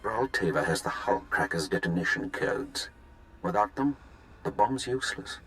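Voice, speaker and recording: An actor voicing a cold, commanding Sith lord in a video game. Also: male voice, on the low side, lively intonation, normal speed, fairly bright tone. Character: imperious Sith lord commanding his agent.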